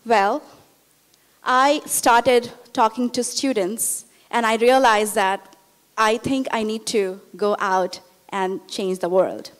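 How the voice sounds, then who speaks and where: A woman's voice: fairly high pitch, steady tone, takes it slowly. A young woman from India, telling a personal story in an earnest way and quoting the people in it. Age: young adult. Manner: earnest, with frequent reported dialogue. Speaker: speaker telling her story.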